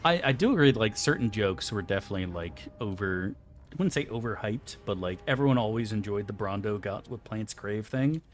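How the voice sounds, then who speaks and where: A man's voice: on the low side, lively intonation, fairly quick, soft background music. A man streaming a game and chatting casually, joking around in a rambling, crude way. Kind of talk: casual gameplay commentary.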